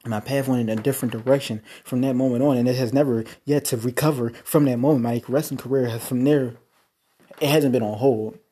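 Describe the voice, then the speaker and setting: A man who wrestles talks through his past in a loose, rambling monologue, bragging and swearing as he goes. His voice is mellow and dark, with a husky edge. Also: mid-range voice, steady tone, a little fast. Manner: rambling, boastful storytelling with swearing. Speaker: independent wrestler. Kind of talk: casual monologue.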